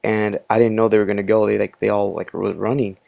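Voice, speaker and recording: A man's voice: lowish voice, little pitch movement, quick pace, creaky, darkish tone, no echo. A man telling a personal story in casual commentary, rambling with many fillers. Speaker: channel host.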